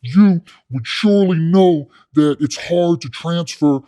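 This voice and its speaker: A man doing a comic impression of a loud, boastful male prison coach who bosses people around. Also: a little high, slow pace, voice pushed up. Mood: bossy boasting. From California. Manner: loud, aggressive, boastful, calls others soft boy. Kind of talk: comedic impression.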